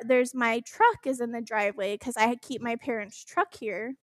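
A young woman telling a personal story in casual chat, animated and laughing, swearing as she goes. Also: on the high side, moderate pace, hardly any pauses, no echo.

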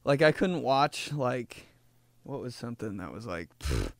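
A man chatting on a comedy podcast, rambling through jokey stories with a bouncy, animated voice that rises and falls a lot. The sound is dry and close, with no room echo. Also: mid-range voice, measured pace, creaky. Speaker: podcast host. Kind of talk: casual comedic podcast chat.

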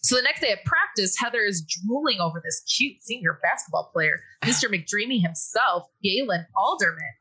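A woman's voice: mid-range voice, lively intonation, moderate pace, few pauses, bright, forceful tone, husky, low-quality recording. A woman hosting a casual podcast, recapping a movie in a chatty way, laughing often and briefly acting out the characters' lines. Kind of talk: casual chat.

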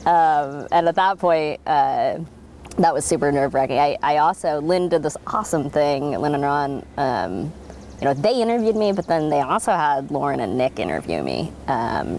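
In a casual oral history interview, a winemaker in her 30s from Oregon tells stories in a low voice at a moderate pace. She's animated, laughs often and uses many fillers, with slight background noise.

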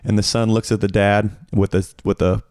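Low-voiced male podcast host, dry sound. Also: level tone, normal speed, a little mellow, no echo. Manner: rambling storyteller, acts out quotes. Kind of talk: casual chat.

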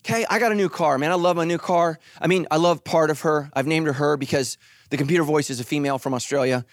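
A middle-aged man preaching a sermon, animated and joking, acting out quoted voices. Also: a little high, fast, no echo. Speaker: pastor.

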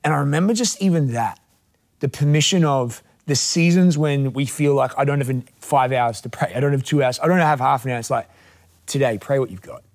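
A man's voice: medium pitch, brisk. A young adult man hosting a podcast, speaking reflectively and from the heart, with some hesitations. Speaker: podcast host and pastor. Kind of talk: casual conversational interview.

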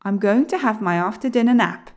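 A woman voicing a nasty, grumpy male dwarf in a storybook reading, loud and demanding. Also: mid-range voice, brisk, natural voice. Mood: gruff.

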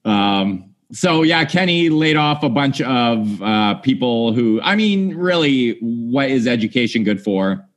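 A man's voice: mid-range voice, expressive, slow, few pauses. Man with dry sarcastic humor. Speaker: podcast co-host. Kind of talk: casual chat.

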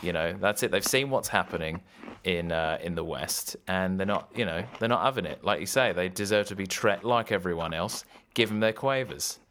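A man with a notably deep voice holds up his end of a loose comedy podcast. He talks in a sardonic, riffing way, spinning silly ideas into running gags. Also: normal speed, a bit bright, slight background noise. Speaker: podcast co-host. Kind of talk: casual comedic banter.

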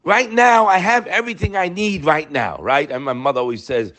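A man's voice: fairly high pitch, a little fast, fairly bright tone. A man teaching a daily Torah class, firing rhetorical questions and mixing Hebrew terms into his English.

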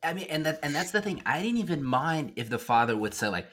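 A man in his forties, a therapist, casually recounting a work story in conversation, with animated, incredulous turns. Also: a little high, quick pace.

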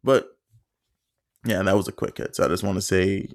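A man's voice: low voice, moderate pace, dry recording, studio quality. A man hosting a solo podcast, telling a story in a casual, profane, rambling way with lots of fillers and acted-out quotes. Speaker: podcast host.

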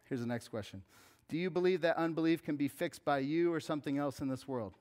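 Man, pastor, conversational sermon, slightly high voice, fervent appeals. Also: fairly quick, a little mellow.

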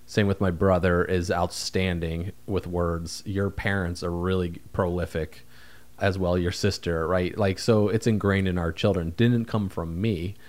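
Easygoing low-voiced man podcast co-host. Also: a little mellow. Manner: rambling, easygoing, self-deprecating. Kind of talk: casual podcast chat.

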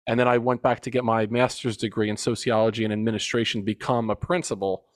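A men's coach in his forties, appearing as a podcast guest, tells a personal story in an earnest, reflective way, retelling parts with emphasis. His lowish voice moves fast with a flat delivery, and there's no echo.

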